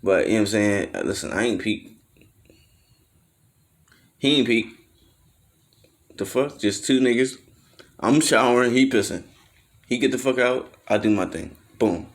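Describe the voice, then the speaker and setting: Man, lower voice, casual slangy storyteller who curses and rambles. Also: unhurried, pauses often. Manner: loose slangy storytelling, acts out quotes in raised voices; swears freely, trails off with fillers.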